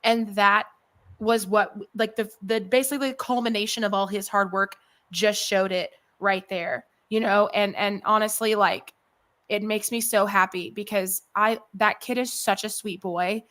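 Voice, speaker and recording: A young woman co-hosting a casual sports podcast at a middle pitch. She rambles and gets emotional, with a salty word here and there. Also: fairly even intonation, normal speed, a bit bright. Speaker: podcast co-host.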